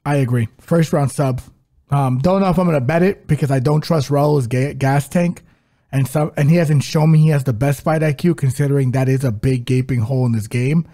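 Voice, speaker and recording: Mellow, laid-back man. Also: on the high side. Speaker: co-host. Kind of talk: casual betting podcast chat.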